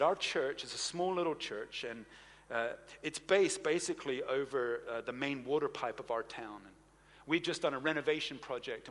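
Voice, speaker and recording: Bright-voiced preacher in a reverberant hall. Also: male voice, mid-range voice. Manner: animated anecdotal storytelling with asides. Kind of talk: sermon storytelling.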